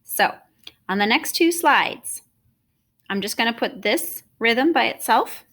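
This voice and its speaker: A woman teaching an online music lesson, explaining rhythm and solfege in a clear, patient, encouraging way. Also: fairly high pitch, animated, slow pace, a bit bright.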